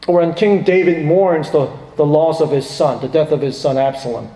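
A man's voice: a little high, moderate pace, hardly any pauses, dark tone. A man preaching a sermon, turning dramatic and emphatic when he quotes laments. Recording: echoey, reverberant hall.

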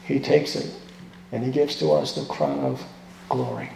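A man preaching a sermon as a pastor, impassioned, swinging from hushed lines to loud outbursts. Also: mid-range voice, big pitch swings, moderate pace, gravelly, slight background noise. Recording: echoey hall with long reverb.

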